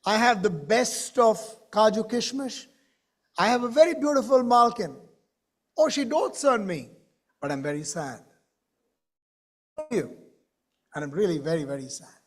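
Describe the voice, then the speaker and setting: A man's voice: high voice, lively intonation, measured pace, long pauses. A man telling of a sad caged talking parrot. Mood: wistful.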